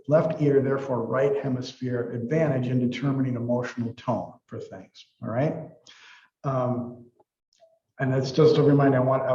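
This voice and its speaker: A man's voice: mid-range voice, dark tone, reverberant, muffled recording. A man giving a university psychology lecture in a casual, rambling way, full of fillers and restarts. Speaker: psychology professor.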